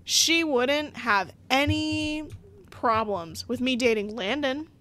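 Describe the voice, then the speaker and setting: A young woman chatting casually while playing a story game, animated, laughing often and swearing when annoyed. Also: high-pitched, takes it slowly. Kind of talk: casual gameplay commentary.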